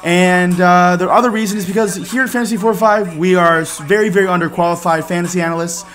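A man's voice: sits high, steady tone, fast talker, fairly bright tone, faint music behind. A man hosting a podcast, reading a jokey mock radio introduction in announcer style. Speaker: podcast host.

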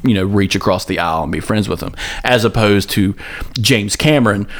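A man's voice: on the low side, a little fast. Profane, laughing podcast host man. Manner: profane, laughs often, animated. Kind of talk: casual chat.

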